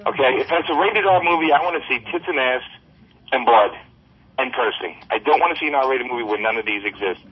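A man with a husky, slightly breathy voice tells bawdy stories with a laugh in his voice. His voice comes through dull and lo-fi, like a phone line. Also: medium pitch, expressive, fast. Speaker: comic book writer guest. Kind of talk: casual podcast chat.

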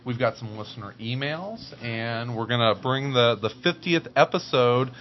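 A man's voice: medium pitch, moderate pace. A man co-hosting a casual podcast, introducing listener voicemails between jokes. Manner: laughing, relaxed. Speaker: podcast co-host. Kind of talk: casual chat. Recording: dull lo-fi sound.

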